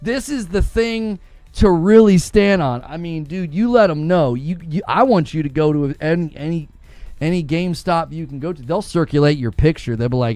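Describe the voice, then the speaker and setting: A man hosts a casual gaming live stream, reading out chat and riffing with frequent laughter. His voice is fairly high and very lively in pitch, and he talks at an unhurried pace. The sound is dry and close, with faint music behind. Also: no room sound. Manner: laughs often, riffs on jokes.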